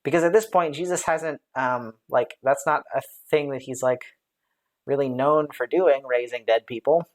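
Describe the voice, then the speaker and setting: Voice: medium pitch, moderate pace, a little mellow. Live bible study leader, super chatty, lots of um and like, reads out chat comments and riffs on them. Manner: chatty, thinks aloud with many fillers and light laughs. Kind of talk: casual live-stream Bible study discussion.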